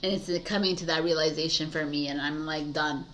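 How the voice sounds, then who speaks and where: A woman's voice: sits low, fairly even intonation, fairly quick, fairly bright tone, slight background noise. A woman tarot reader talking casually and candidly about spirituality, swearing freely and using lots of fillers.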